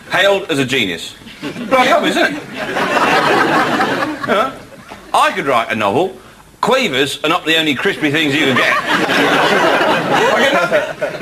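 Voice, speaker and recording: A man performing a stand-up comedy routine on a stage, telling wry stories with animated asides. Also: fairly high pitch, heavy background noise. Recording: live club set with loud audience.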